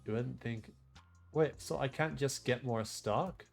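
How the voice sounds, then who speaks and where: A man streaming a game, reading its text aloud and chatting casually in a relaxed, trailing-off way. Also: medium pitch, a little slow, gravelly, soft background music.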